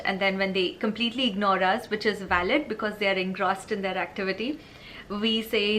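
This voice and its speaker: A woman's voice: mid-range voice, fairly even intonation, fairly quick, fairly bright tone, slight background noise. A woman vlogging parenting advice in a casual, earnest, explanatory way, often checking in with "right?". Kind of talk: casual advice talk to camera.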